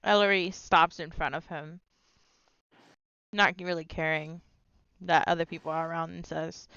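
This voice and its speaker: A woman's voice: sits low, steady tone, moderate pace, pauses often, fairly bright tone, smooth, no room sound, highs cut off. A woman playing a tabletop role-playing game, narrating her character and speaking in character with sassy confidence. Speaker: player.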